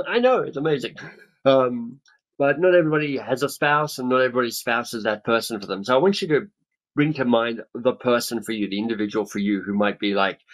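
A man's voice: mid-range voice, rough recording. A man in his fifties leading a coaching webinar over a video call, talking with enthusiasm and acting out other people's reactions. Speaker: webinar speaker and author. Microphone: webcam on a video call.

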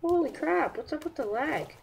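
A young woman chatting through her own gameplay, excitable and self-mocking, yelping and shouting at enemies between slow, rambling remarks. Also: high-pitched, creaky, a little hiss or hum. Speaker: gameplay streamer. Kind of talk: casual live commentary while playing a game.

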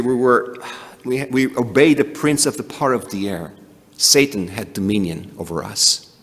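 A man preaching a sermon, animated, often restarting and adding asides. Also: on the low side. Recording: long hall reverb.

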